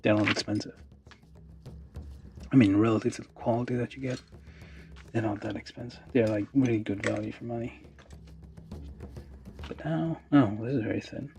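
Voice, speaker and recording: Brief: gravelly-voiced man, slow and mumbling, streaming a model build with music underneath. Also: lowish voice. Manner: mumbling, thinking aloud, many fillers. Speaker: model kit livestreamer. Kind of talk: casual talk while building. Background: background music.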